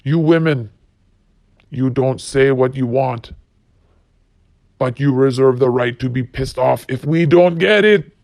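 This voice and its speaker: A man's voice: mid-range voice, unhurried, long pauses, a little mellow, dry recording. A man hosting a solo podcast, ranting bluntly and profanely while reading quotes. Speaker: podcast host.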